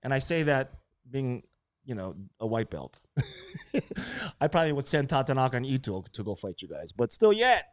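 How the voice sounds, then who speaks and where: A man from Hawaii hosts a loose, profane chat. He speaks at an ordinary middle pitch and breaks into loud, animated bursts. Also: moderate pace, dry recording, studio quality. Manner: brash, swearing, animated bursts. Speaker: host.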